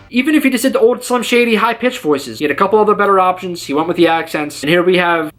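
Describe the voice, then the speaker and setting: A young man talks quickly through a casual album review, his voice sitting fairly high for a man. He sounds exasperated and sarcastic, and he keeps poking fun at the music he is reviewing. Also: a bit bright.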